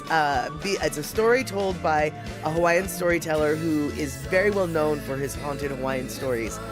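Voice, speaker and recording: A man chats casually as a stream host, rambling and restarting his thoughts. His voice sits a little high. Guitar music plays clearly underneath. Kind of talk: casual reaction commentary.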